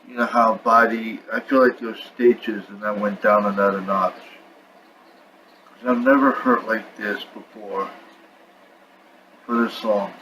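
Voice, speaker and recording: A man's voice: fairly low pitch, fairly even intonation, a little slow, pauses often, noisy background. A young man venting about his health in a frustrated, rambling way, talking casually to camera at home. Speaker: vlogger. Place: at home with his dog on his lap.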